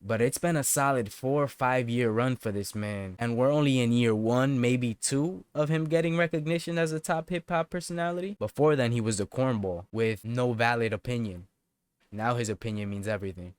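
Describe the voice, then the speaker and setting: A man's voice: medium pitch, normal speed, clear, resonant tone, dry recording. A man hosting a reaction video, talking conversationally and building to emphatic arguing. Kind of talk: casual reaction commentary.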